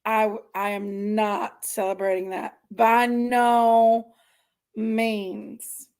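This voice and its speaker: A woman hosting a casual livestream chat, rambling and greeting each viewer by name with drawn-out, effusive exclamations. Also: mid-range voice, level tone, creaky, a little mellow, clear, resonant tone. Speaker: livestream host.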